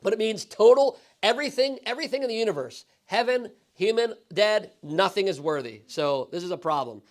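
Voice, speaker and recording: A male pastor with a high, expressive voice leads a casual Bible study in a church classroom, talking fairly quickly. He poses questions to the class and frequently tosses in "right?" as he teaches.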